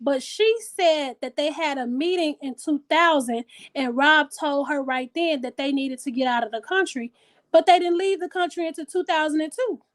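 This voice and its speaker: High-voiced woman hosting, blunt and animated. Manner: animated, blunt and profane, pausing to reason aloud. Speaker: host. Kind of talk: casual talk show discussion.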